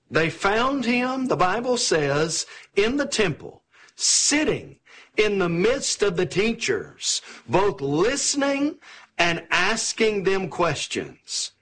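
Slow, breathy preacher man. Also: fairly high pitch, fairly bright tone. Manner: storytelling, asks the listeners questions. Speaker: pastor. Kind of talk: sermon.

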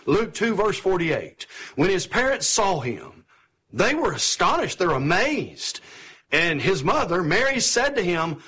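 A man's voice: sits high, big pitch swings, a little slow, pushed and bright, slightly rough. A male pastor preaching a sermon in a storytelling way, often posing questions to the listeners.

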